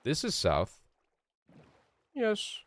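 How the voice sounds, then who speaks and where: A man's voice: fairly high pitch, wildly swooping pitch, extremely slow, no echo. A young man live-streaming a game, chatting loosely with his chat, rambling and swearing casually. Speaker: gaming streamer.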